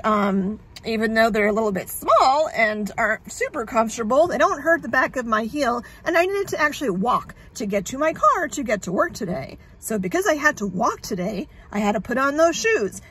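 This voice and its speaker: A woman's voice: a little high, pushed and bright, slightly rough. A woman talking candidly in a casual vlog, sarcastic and frazzled, rambling and swearing freely. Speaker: vlogger sharing her illness journey.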